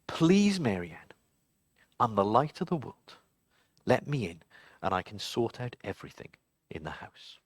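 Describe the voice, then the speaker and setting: A man voicing a gentle, kindly male talking candle in a children's story, speaking softly and low. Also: huge pitch swings, measured pace, no room sound, full character voice. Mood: gentle pleading. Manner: soft, low and pleading.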